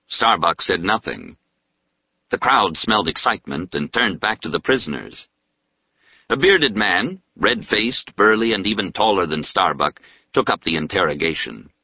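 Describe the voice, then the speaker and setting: Deep guy narrating a novel, lots of rise and fall, dry slightly muffled sound. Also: no room sound. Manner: measured storytelling. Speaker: audiobook narrator. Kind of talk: scripted narration.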